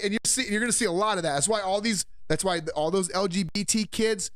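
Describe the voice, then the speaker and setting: A man's voice: high-pitched, quick pace, no room sound. Blunt, profane male podcast host. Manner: blunt and profane, with swings from flat to loud. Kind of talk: casual opinion monologue.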